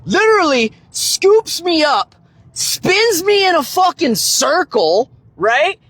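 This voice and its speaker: A young man casually telling a story on a livestream, rambling and swearing, tagging "right?" onto his lines, his voice leaping high when excited. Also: slow pace, no echo. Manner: rambling, profane, constant "right?" tags. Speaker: fitness and finance creator.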